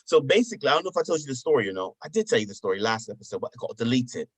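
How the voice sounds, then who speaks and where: A man's voice: medium pitch, very animated, racing, breathy edge, no echo. A man from Buffalo, New York, in his thirties, co-hosting a casual podcast chat and telling stories animatedly with frequent restarts. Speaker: podcast co-host.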